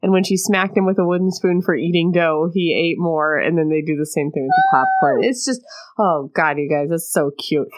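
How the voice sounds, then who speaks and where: A woman co-hosting a podcast, recapping a book in casual chat with lively asides. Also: lowish voice, normal speed. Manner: animated storytelling with laughs and asides. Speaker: podcast co-host.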